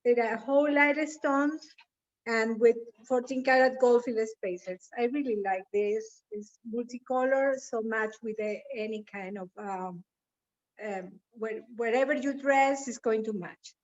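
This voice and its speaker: Woman, foreign accent, very slow, hesitant, slightly high voice, dull lo-fi call audio. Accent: non-native English accent. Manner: careful and hesitant, halting phrasing. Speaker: guest jewelry artist. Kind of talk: product presentation.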